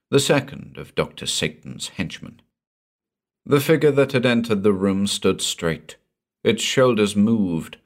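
In a slow, deliberate reading of a pulp horror story, a male audiobook narrator dwells on every grim detail. His deep, low voice stays measured and even, holding the suspense in this dramatic narration.

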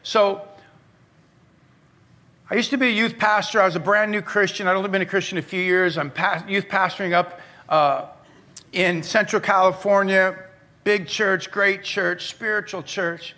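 A middle-aged male pastor preaching a sermon, telling stories in a conversational way that moves from animated to hushed. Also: high voice, moderate pace.

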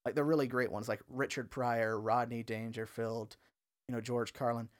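A man's voice: mid-range voice, level tone, normal speed. A man who works as a stand-up comedian, a guest on a podcast, talking earnestly in a rambling, tired way with lots of fillers and restarts. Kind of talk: casual podcast chat.

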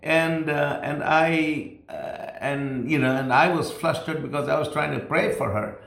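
Male pastor, home sermon, gravelly, rambling story, roomy echo. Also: a little high, fairly even intonation, measured pace, a bit bright. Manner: conversational, rambling with restarts and "you know". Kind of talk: sermon told as a personal story. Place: his home.

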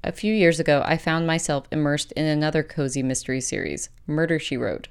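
Woman podcast host, low voice, very smooth and clear, reflective essay reading. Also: lively intonation. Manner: measured, gentle reading; later chatty with many fillers. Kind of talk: reading an essay, then casual chat.

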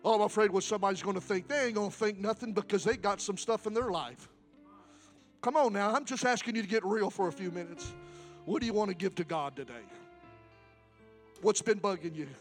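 A high-pitched man leads a church altar call. He exhorts the congregation in repeated, rising lines and drops back to quiet pleading. Faint music plays under his voice. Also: brisk. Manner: fervent, repetitive exhortation, swings from quiet to loud. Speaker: guest preacher. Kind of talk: Pentecostal sermon and altar call. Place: church sanctuary.

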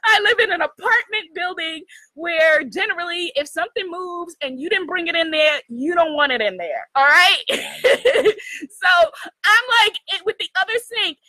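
A woman with a very high-pitched voice hosts a casual chat with her viewers, telling a story in an animated way at a moderate pace. She laughs often and keeps asking "right?", and there's no room sound.

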